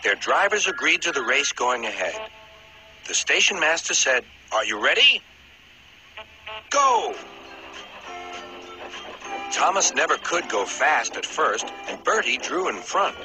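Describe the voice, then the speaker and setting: A man narrating a children's storybook in a lively, expressive reading style. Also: mid-range voice, normal speed, poor audio. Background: music.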